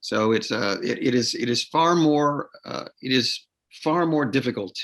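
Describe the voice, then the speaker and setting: A man's voice: medium pitch, moderate pace, a bit bright. Man explaining his craft in an interview. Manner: explanatory, repeats words, many fillers and restarts. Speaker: actor and podcast guest. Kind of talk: interview conversation.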